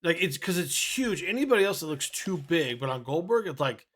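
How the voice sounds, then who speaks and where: A man's voice: fairly high pitch, expressive, a little fast, a bit bright. A man co-hosting a casual podcast chat, laid-back and rambling, filling his lines with "like". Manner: laid-back, says "like" often. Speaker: podcast co-host.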